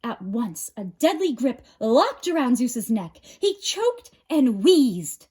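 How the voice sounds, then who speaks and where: A woman librarian reading a storybook aloud. Her voice is husky and a little high, swinging through a lively range. The narration is expressive and dramatic. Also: takes it slowly.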